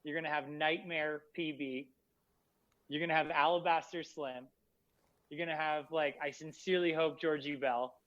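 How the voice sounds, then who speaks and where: A man's voice: fairly high pitch, fairly even intonation, normal speed, fairly bright tone. Hyped man rambling on a lo-fi podcast. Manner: rambling, hyped, many fillers. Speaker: podcast host. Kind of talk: casual chat. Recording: dull lo-fi audio.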